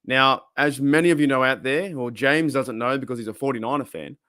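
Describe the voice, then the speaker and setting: A man's voice: medium pitch, a little fast, pushed and bright, no echo, studio quality. An Australian man hosting a casual live stream, rambling and chatting while reading viewers' comments aloud. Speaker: livestream host.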